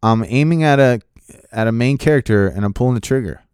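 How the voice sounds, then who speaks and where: A man telling a casual anecdote about acting in a movie, excitable and rambling, with many fillers and restarts. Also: mid-range voice, brisk, clean tone, no room sound, studio quality. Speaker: actor telling a set story.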